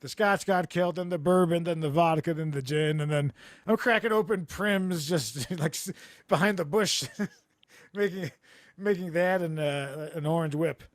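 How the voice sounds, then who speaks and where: A man hosting a comedy podcast over a video call, telling rambling stories with deadpan absurd jokes. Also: fairly high pitch, moderate pace, no echo, clean studio sound. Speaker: podcast host. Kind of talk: casual comedic chat. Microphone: remote video call.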